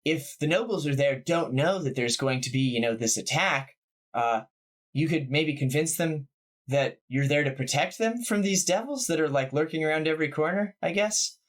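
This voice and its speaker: A man's voice: on the high side, normal speed, far from the mic, close to an everyday voice. A man voicing a calculating male adviser who reasons things through aloud. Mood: scheming.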